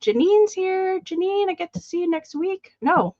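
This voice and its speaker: Woman host, casual live-stream chat, lively pitch, slightly dull lo-fi audio. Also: normal speed, no room sound. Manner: chatty, greets viewers by name.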